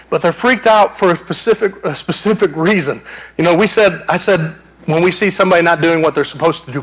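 A man preaching a lively sermon, his voice sitting a little above the usual male range. He tells the story with energy and acts out the screams and shouts of the people in it. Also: on the high side, moderate pace, husky. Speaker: pastor.

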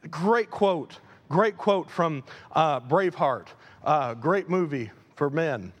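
A man preaching a sermon as pastor, animated, swinging between loud emphasis and quiet asides. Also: on the high side, slow pace. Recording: long hall reverb.

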